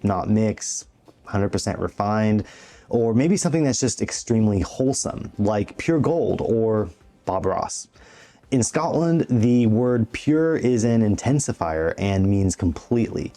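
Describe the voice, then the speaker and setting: A man talks through a scripted vlog in a low, mellow voice. He explains things clearly and slips in dry little jokes. Soft background music sits faintly under his voice. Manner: clear, explanatory, lightly joking. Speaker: vlogger explaining words.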